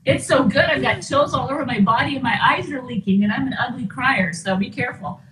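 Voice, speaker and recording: Emotional gushy woman host, higher voice, kinda roomy and off mic. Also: fast talker, distant mic, background noise. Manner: gushing, emotional, exclaiming. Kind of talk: casual interview.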